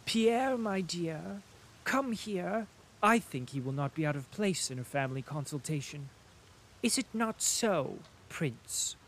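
A man reading an audiobook who voices a scheming noblewoman, coaxing in a soft, honeyed, firm tone. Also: a little high, lively intonation, measured pace, slight background noise, pitched above the performer's own voice.

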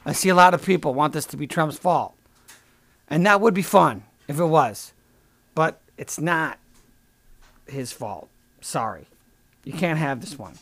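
A man's voice: a little high, expressive, measured pace, pauses often, a bit bright, no room sound. A man hosting a comedy podcast, delivering a sarcastic, profane, rambling rant. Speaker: podcast host.

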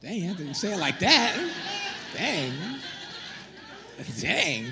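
A man preaching a sermon as pastor, animated and joking with the congregation in a church. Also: sits high, takes it slowly, creaky, over music, crowd noise.

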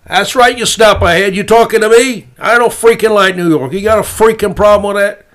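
Man doing a loud, pugnacious New York tough guy, voice pushed high. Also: brisk. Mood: belligerent. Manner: loud, challenging.

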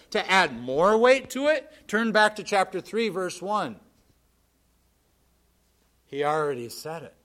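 A man preaching a sermon in an earnest, plainspoken way, swinging from forceful emphasis to quiet asides. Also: on the high side, expressive, a little slow.

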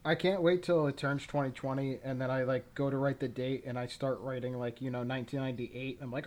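A man's voice: medium pitch, fairly even intonation, a little fast, few pauses, darkish tone. A man co-hosting a podcast, telling self-deprecating stories in casual chat. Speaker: podcast co-host.

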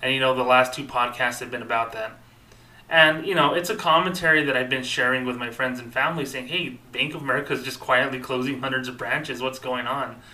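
A man's voice: medium pitch, fairly quick, pushed and bright, recorded from a distance, rough recording. A man in his thirties hosting a podcast, talking in an upset, earnest way with many fillers and restarts. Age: 30s. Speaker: podcast host. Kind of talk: personal podcast monologue.

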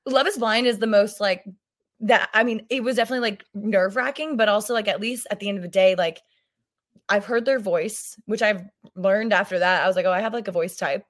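A woman's voice: mid-range voice, a little fast. A woman in her thirties chatting as a podcast guest. She rambles, stumbles over her own sentences and laughs often as she talks. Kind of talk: casual chat.

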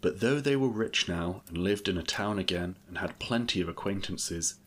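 Man reading a fairy tale, low voice. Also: normal speed. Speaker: narrator. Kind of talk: storybook reading.

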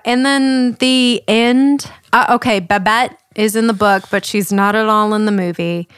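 A young woman co-hosting a podcast in easygoing chat, quick to laugh as she walks through a plot. Her voice sits at an ordinary pitch. The sound is dry and close, with no room around it. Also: fairly even intonation, fairly bright tone, clear, resonant tone, dry recording. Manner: chatty, laughs often, recounts plots with quoted asides. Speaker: podcast co-host. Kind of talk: casual chat.

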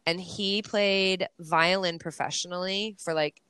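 A woman in her forties from Southern California holds a loose, chatty conversation, spinning animated stories and swearing freely. Her voice sits a little low and sounds smooth and resonant. It is recorded dry and close. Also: a little slow, dry recording. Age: 40s. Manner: chatty, animated storyteller who curses freely. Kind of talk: casual chat.

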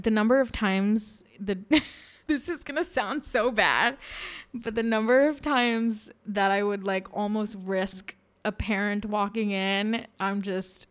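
A young woman from India talking frankly in a candid personal monologue, laughing often and sounding a bit self-conscious. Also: mid-range voice.

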